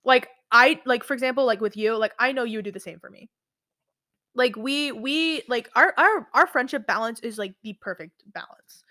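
A young woman in her twenties talks casually and rambles, restarting her sentences often. Her voice sits a little high and sounds bright and forward. She fills every pause with quick filler words. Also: no echo, studio quality. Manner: rambling, heavy use of "like", frequent restarts. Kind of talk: casual chat.

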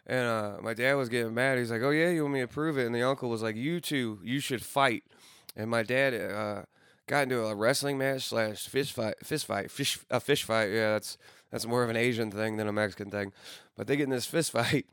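A man's voice: medium pitch, moderate pace, a bit bright, clear, resonant tone, no room sound, clean studio sound. A man in his thirties rambling through casual, profane stories with frequent restarts. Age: 30s.

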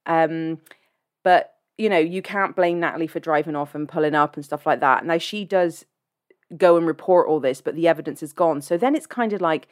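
A low-pitched woman hosts a laid-back film review podcast. She talks in a chatty, candid way and swears without a second thought. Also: moderate pace. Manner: chatty, blunt, swears freely. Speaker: podcast host.

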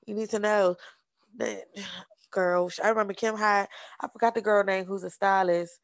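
A woman's voice: medium pitch, fairly even intonation, moderate pace, no echo. A woman co-hosting a casual chat, blunt and swearing freely.

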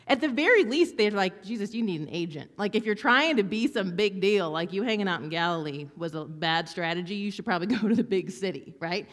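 A woman preaching a sermon in a conversational, animated way, acting out quoted lines with sarcasm. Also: on the low side, brisk, big-room sound. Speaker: pastor.

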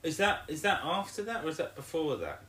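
A man's voice: fairly high pitch, very animated, a little fast, sharp tone. Male podcast co-host, chatty and meandering, jokey, echoey room. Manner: rambling, hesitant, fillers and jokey asides. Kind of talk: casual chat.

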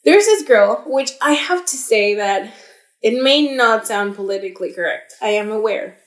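A young adult woman co-hosts a podcast, swapping stories in casual chat full of fillers and restarts. Her voice is on the high side and animated, at a moderate pace. The room is echoey.

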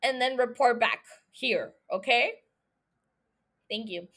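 A woman's voice: fairly high pitch, slow pace, a bit bright. A young woman hosting a podcast alone, rambling through a profane, giggly rant that jumps from one thought to the next. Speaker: solo podcast host.

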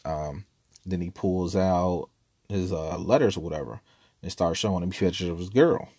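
Low-voiced man telling a rambling story. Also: moderate pace, darkish tone, breathy edge, dry recording, studio quality. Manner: laid-back, profane, rambling with frequent laughs. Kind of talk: casual storytelling monologue.

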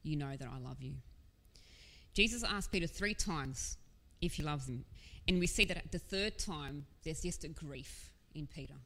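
A woman's voice: deep voice, normal speed, pushed and bright. A woman preaching a sermon in an earnest, conversational way, with casual asides. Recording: long hall reverb.

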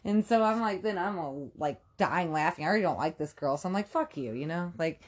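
A woman's voice: on the low side, a little fast. A woman co-hosting a podcast, telling a rambling story in casual chat, swearing freely and filling with "like". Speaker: podcast co-host.

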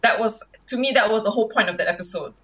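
A woman in casual podcast chat, reacting quickly and restarting sentences as she talks. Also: medium pitch, pushed and bright.

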